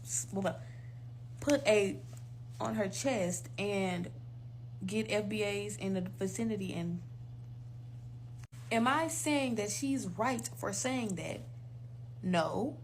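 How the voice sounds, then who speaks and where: A woman's voice: a little high, slight background noise, rough recording. A woman from the United States, delivering a heated, profane social media rant. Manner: profane, emphatic, repetitive. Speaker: commentator.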